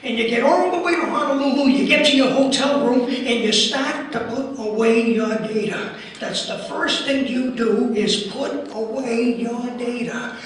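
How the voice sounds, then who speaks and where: Man impersonating a wry veteran comic; high-pitched, echoey conference hall, off-mic. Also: a little slow, slight background noise. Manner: sardonic, rhythmic build-ups of lists. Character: older male stand-up comic, wry and ranting. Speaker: comedian doing an impression at a conference. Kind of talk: stand-up impression. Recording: echoey hall, heard from far off.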